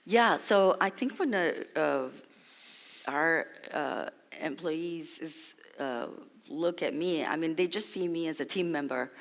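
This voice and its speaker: Brief: low, gravelly woman, measured panelist, hall reverb. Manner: measured, reflective, with frequent fillers. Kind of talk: panel discussion.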